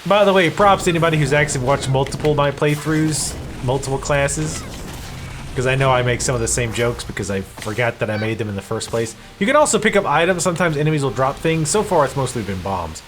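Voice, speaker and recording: A man's voice: mid-range voice, animated, a little fast, noisy background. A man casually commentating his gameplay, joking and sarcastic and swearing freely. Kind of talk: casual let's-play commentary.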